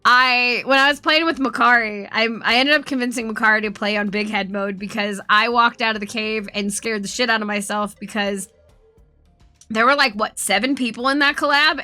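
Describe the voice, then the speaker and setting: A woman's voice: on the high side, brisk, sharp tone, no echo, faint music behind. A woman streamer chatting casually, telling rambling stories and swearing a lot. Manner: profane, rambling storytelling. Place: home streaming setup.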